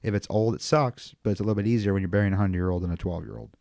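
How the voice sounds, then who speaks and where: Rough-talking man telling stories, low voice. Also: very fast, dark tone, no room sound, clean studio sound. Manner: profane, rambling storyteller. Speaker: guest, funeral home owner. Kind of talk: casual podcast chat.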